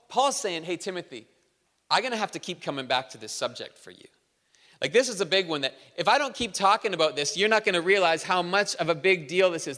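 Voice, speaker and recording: A man preaching a sermon in a church, energetic and conversational, with humor. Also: a little high, big-room sound. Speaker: pastor. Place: church auditorium.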